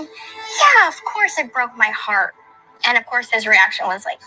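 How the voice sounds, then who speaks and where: Bright, earnest woman in her thirties. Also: fairly high pitch, sing-song, a little slow, faint music behind, low-quality recording. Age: 30s. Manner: earnest, emotional retelling. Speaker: reality show wife. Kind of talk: reality TV confessional.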